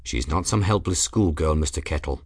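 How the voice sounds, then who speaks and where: A man voicing a stern, controlled male airship captain in an audiobook, speaking in a clipped, measured, formal way. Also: extremely low pitch, lively intonation, darkish tone, husky, no echo, clean studio sound, voice pushed down, full character voice. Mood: firm.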